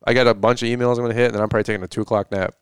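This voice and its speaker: A man hosting a casual podcast chat, an animated storyteller who laughs often. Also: medium pitch, very fast, clean tone, dry recording, clean studio sound.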